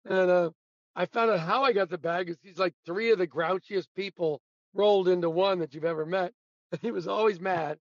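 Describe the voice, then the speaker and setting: A man as a guest on a talk show, telling animated anecdotes and laughing often. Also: sits high, moderate pace, dry recording, highs cut off. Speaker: guest storyteller, sportswriter. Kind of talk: casual storytelling interview.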